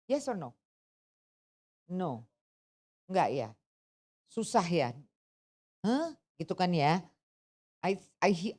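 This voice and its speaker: Mellow woman tutor. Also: medium pitch. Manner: switches between English and Indonesian, keeps quizzing listeners. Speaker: English test tutor. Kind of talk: workshop teaching.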